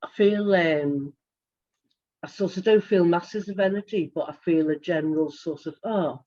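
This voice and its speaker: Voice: medium pitch, normal speed, warm tone. A participant in a group video call, sharing how they feel in a hesitant way while searching for words. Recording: muffled video call audio.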